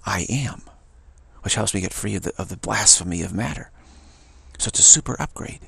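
A man giving a loose, playful spiritual talk with many restarts and repeated words. His voice is low and heavily gravelly, with a husky, breathy rasp throughout. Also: animated, brisk, a bit bright, dry recording. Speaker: spiritual teacher.

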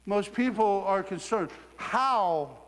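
Animated high-voiced male preacher, echoing hall. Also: takes it slowly. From Southeast Ohio. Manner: animated storytelling with acted quotes and laughter. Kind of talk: sermon.

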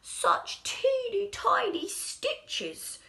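A humble old shoemaker from a storybook, marvelling at each surprise, as a woman puts him on. His voice is high and full of wonder. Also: huge pitch swings, takes it slowly, a bit bright, full character voice. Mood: amazed. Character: poor, amazed old male shoemaker.

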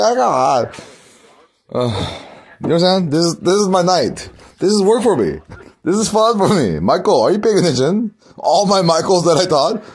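A man talks in a loose, rambling vlog, excitable and quick to swear, often breaking into laughter. His voice sits high and leaps around in pitch. It has a husky grain. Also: faint music behind.

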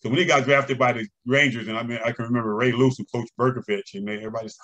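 An older man, a guest on an interview show, tells animated stories with chuckles and acts out the voices of people he quotes. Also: medium pitch, very fast, gravelly. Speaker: interview guest, former umpire and scout. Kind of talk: conversational storytelling.

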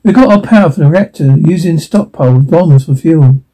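A man's voice: fairly high pitch, brisk, warm tone, low-quality recording. A man voicing a matter-of-fact woman scientist in a radio play reading. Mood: calm. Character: calm female scientist in a helmet.

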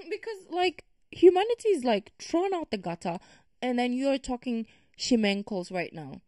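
A woman's voice: sits high, very animated, moderate pace, warm tone, no echo, clean studio sound. A woman giving casual reaction commentary, ranting in an emphatic, exasperated way. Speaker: reaction video creator.

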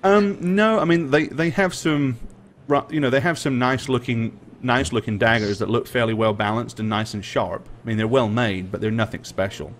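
A man's voice: medium pitch, moderate pace, a little hiss or hum. Laid-back man running a tabletop game. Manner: relaxed and chatty, many fillers. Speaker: game master.

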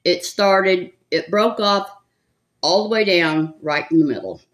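A woman's voice: on the low side, measured pace. An older woman with a Southern accent, chatting casually and gossiping as she does her makeup. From California. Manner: chatty, gossipy, rambling with frequent laughs. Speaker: makeup vlogger. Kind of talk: casual chat while doing makeup.

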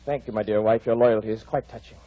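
An actor playing a cold, brooding, husky young man. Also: lowish voice, steady tone, fast, natural voice. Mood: mocking. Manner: cold, mocking, turning to fierce shouts. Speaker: Heathcliff. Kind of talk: 1940s radio acting. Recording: dull 1940s radio broadcast.

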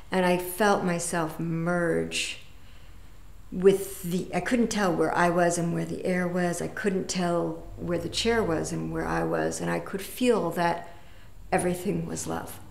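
A woman telling a personal story in an unhurried, reflective way, pausing with fillers and restarts. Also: on the low side, gravelly, echoey room. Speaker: meditation teacher.

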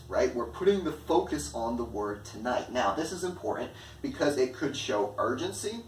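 A man giving an explanatory lesson as an online instructor, lively and playing with stress and pitch in his examples. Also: moderate pace, few pauses, slight background noise. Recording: echoey room, mic at a distance.

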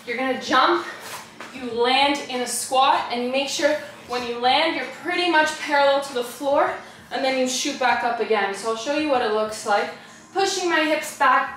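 A woman's voice: high voice, a bit bright, a little hiss or hum. A young woman leading a follow-along workout, counting reps out of breath and swearing as she strains. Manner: counting reps aloud, swearing and groaning with effort. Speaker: fitness vlogger. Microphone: camera at a distance. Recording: echoey room, camera far off, music behind.

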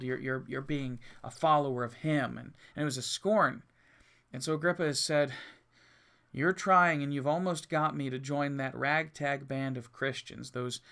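A man's voice: mid-range voice, creaky, fairly bright tone. A male pastor reading Bible verses aloud and explaining them in plain words, earnest and emphatic, often restarting his sentences. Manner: reads scripture aloud, then explains it plainly with frequent restarts.

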